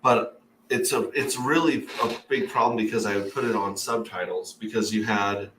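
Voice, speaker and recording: A man's voice: on the low side, fairly even intonation, moderate pace, background noise. A man hosting a casual livestream, rambling and reading viewer comments aloud. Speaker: livestream host. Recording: echoey room, mic at a distance.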